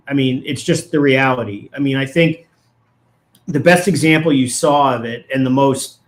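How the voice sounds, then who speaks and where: A man speaking as an attorney guest on a casual commentary show. He explains things in a measured but blunt way. His voice sits at a middle pitch for a man.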